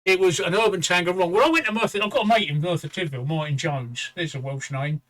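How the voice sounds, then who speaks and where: Middle-aged English host, high and bright, rambling anecdotal storyteller. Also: male voice, fast, poor audio. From England. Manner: swearing, repeats "right?" as a tag; quotes others in a raised voice. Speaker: show host. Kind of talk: casual storytelling chat.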